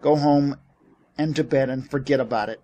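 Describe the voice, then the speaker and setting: A man reading as a blunt sea captain who scoffs at wild schemes. The voice sits at an ordinary middle pitch, read from a storybook. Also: fairly even intonation, moderate pace, mellow, dull audio, a little hiss or hum, lightly acted. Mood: scoffing.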